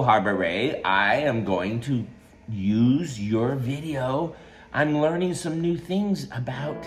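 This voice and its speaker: A man's voice: a little high, roomy sound. An older man, a grandfather, chatting to a toddler in a sing-song, coaxing baby-talk voice. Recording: children's show music playing behind. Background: music.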